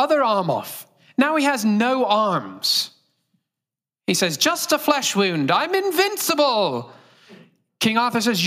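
A man's voice: high voice, fairly bright tone. A male pastor delivering a sermon earnestly, engaging the congregation with direct questions.

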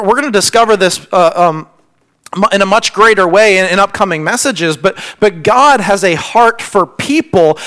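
Male pastor, higher voice, earnest sermon delivery with hushed drops. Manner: earnest, repeats words when stressing points; drops to a hushed near-whisper on key lines.

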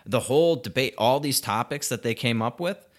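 A man's voice: medium pitch, expressive, moderate pace. A young man ranting about politics in casual, profane talk, sarcastic and laughing between sentences. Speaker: political commentator.

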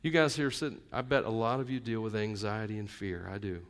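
A male pastor delivers a sermon to a live congregation, chatting conversationally and tossing in jokes as he swings from loud, emphatic lines to quiet, intimate ones. His pitch is fairly low, his intonation fairly even, and he talks fairly quickly.

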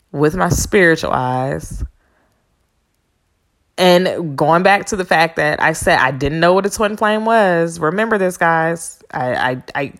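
A woman with a low, deep-set voice talks through a personal story as a podcast host. Her speech has a gravelly, fried edge, and her delivery is candid and blunt, with cursing and slangy asides. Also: a bit bright. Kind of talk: casual storytelling monologue.

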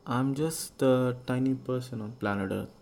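A man's voice: mid-range voice, normal speed, vocal fry, a little mellow. A young man hosting a casual solo podcast, rambling and musing aloud and swearing freely. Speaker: podcast host.

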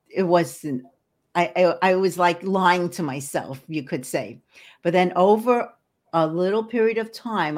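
An older woman guest, an energy healer, talking earnestly in an interview and often repeating words as she searches for them. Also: fairly low pitch. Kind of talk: casual interview talk.

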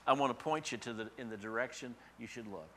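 Bright-voiced male pastor preaching. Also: medium pitch, fast talker, a little hiss or hum. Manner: builds to loud emphatic peaks, then drops soft. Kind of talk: sermon.

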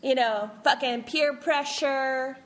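A woman's voice: high-pitched, slow pace. A woman co-hosting a podcast, chatting bluntly and swearing freely. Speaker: podcast co-host. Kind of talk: casual chat.

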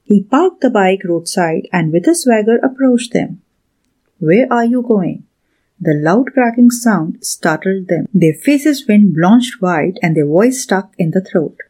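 Brief: woman narrator, scripted story reading, warm mellow tone, steady delivery. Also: medium pitch, a little slow, few pauses.

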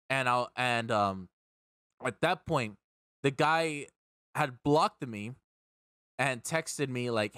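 A man's voice: medium pitch, expressive, slow, pauses often, sharp tone, no room sound, studio quality. Rambling, profane young man telling a story. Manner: rambling, profane, repeats words when worked up. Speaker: streamer and podcast host. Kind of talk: casual storytelling chat.

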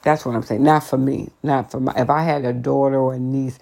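A woman, telling a workplace story to her viewers in a chatty, sassy, sidetracked way, jumping high for emphasis. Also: fairly even intonation, fairly quick, gravelly, warm tone. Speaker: vlogger.

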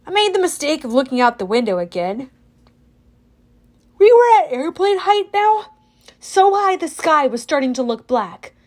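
Woman audiobook narrator, high voice, wry and lively. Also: normal speed, long pauses. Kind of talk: first-person audiobook narration.

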